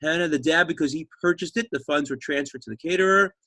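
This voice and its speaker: A man teaching an online class, telling a story in an animated, chatty way and reading out viewer comments. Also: fairly high pitch, fast, no room sound.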